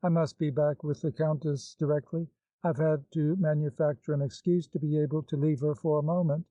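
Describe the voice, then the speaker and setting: A man's voice: a little high, steady tone, fairly quick, warm tone, no echo, natural voice. A man reading the part of an anxious, devoted older woman with a pleading, fretful manner, in a dull, dry recording.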